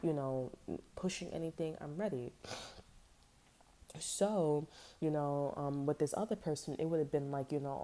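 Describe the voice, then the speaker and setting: A woman with a low, mellow voice talks loosely and unscripted, a tarot reader who drifts into blunt, profane asides full of "like" and "you know". Her speech has features, and she jumps between stories before circling back to the reading. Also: moderate pace. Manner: blunt, profane, rambling storytelling with lots of fillers. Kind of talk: casual unscripted tarot chat.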